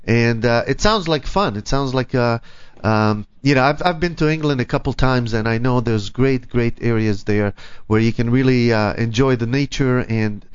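A man's voice: medium pitch, moderate pace, smooth, no echo. A male radio host chats casually on air, hesitating often and restarting his sentences. The studio sound is dry and close. The audio is dull and lo-fi. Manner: hesitant, many ums and restarts. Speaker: radio talk show host.

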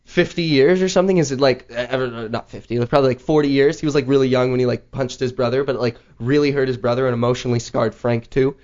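A man hosting a show, telling a story in casual chat, rambling with lots of "like" and an animated manner. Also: mid-range voice, quick pace, few pauses. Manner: rambling, heavy use of "like", animated retelling. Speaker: podcast host. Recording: slightly dull lo-fi audio.

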